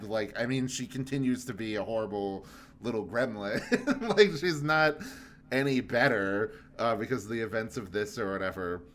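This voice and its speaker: A man's voice: mid-range voice, a bit bright. A young man co-hosting a podcast, chatting casually in a rambling way with many fillers and easy laughs. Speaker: podcast co-host. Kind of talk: casual chat.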